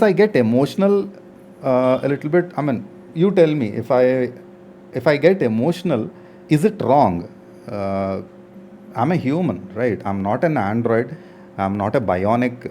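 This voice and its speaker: Man, 40s, gaming streamer, earnest, reflective, hesitant, mellow voice, faint hiss behind. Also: mid-range voice. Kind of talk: casual talk to viewers.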